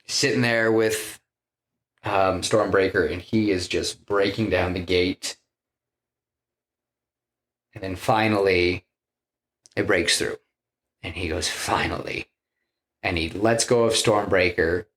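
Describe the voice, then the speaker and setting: A man's voice: fairly low pitch, slow, pauses often, a bit bright. A man casually retelling a film plot on a podcast, rambling with many fillers and restarts. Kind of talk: casual chat, retelling a story.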